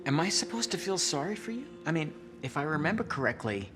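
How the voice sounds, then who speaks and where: An actor playing a mocking, condescending boss in a scripted drama. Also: male voice, fairly high pitch, very animated, fast talker, over music.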